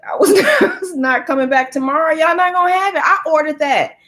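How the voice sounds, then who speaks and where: A woman telling a humorous story to a church group, animated, laughing often and speaking straight to her listeners. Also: high-pitched, brisk.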